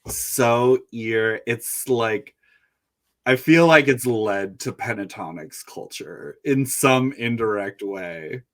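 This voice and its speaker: A man co-hosting a podcast in casual chat, with a dry, deliberate and wry manner. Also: mid-range voice. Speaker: podcast co-host.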